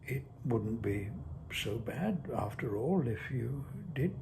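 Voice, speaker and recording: A man's voice: medium pitch, expressive, slow pace, noisy background. A man reading a short story aloud, voicing a lonely, shaken middle-aged man who speaks hesitantly. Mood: hushed. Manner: hesitant, faltering.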